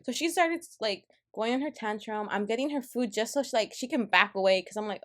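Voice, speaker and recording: A young woman co-hosting a podcast, telling a story in casual chat, animated and laughing often. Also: on the high side, brisk, few pauses. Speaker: podcast co-host.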